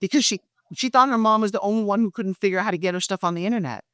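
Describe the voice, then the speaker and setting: Brief: middle-aged woman guest, lively storyteller, mid pitch, dry close sound. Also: very fast, dry recording. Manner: acts out quoted dialogue with lively pitch jumps. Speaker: guest, pitch expert and speaker. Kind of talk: animated storytelling interview.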